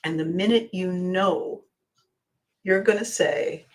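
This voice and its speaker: A woman hosting a podcast, telling stories in an animated way, acting out quoted voices and dropping to quiet asides. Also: on the low side, slow, long pauses. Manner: laughs often, drops to quiet asides. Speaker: podcast host and coach. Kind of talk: storytelling monologue.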